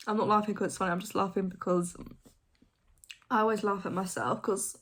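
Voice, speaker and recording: A woman's voice: medium pitch, fairly even intonation, fairly quick, pauses often. A young woman hosting a reaction video, thinking aloud in a hesitant, rambling way with many fillers and restarts. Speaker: reaction channel host. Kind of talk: casual reaction commentary.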